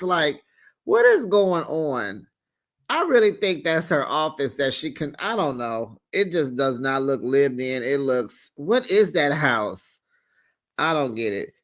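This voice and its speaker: A man's voice: a little high, fairly bright tone. A man giving a casual, gossipy reality TV recap, sassy and laughing as he calls viewers honey and child. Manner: laughs often while telling the story.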